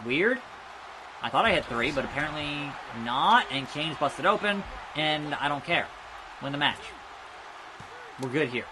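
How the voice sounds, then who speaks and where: A young man giving rambling let's play commentary, chatting about wrestling news and reacting loudly to the game as he plays. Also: on the high side, lively intonation, measured pace, pauses often, background noise. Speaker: gaming YouTuber.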